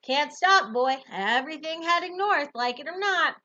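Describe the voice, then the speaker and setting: A woman's voice: sits high, expressive, moderate pace, sharp tone, highs cut off, pitched above the performer's own voice. A woman voicing a stern older male pastor who gives short, firm answers from behind the wheel. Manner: firm, terse.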